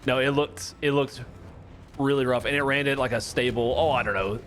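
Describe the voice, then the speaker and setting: A man's voice: mid-range voice, steady tone, a little fast, fairly bright tone, slight background noise. A young man streaming a horror game, chatting casually and rambling with viewers. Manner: rambling, chatty, self-mocking. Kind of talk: casual gameplay commentary.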